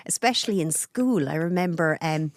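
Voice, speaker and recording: A woman's voice: lowish voice, animated, no room sound. A woman in her forties with a Carlow Irish accent, chatting as a guest on a podcast. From Ireland. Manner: chatty, talks fast with her hands. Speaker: guest, journalist and radio presenter. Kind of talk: casual podcast interview.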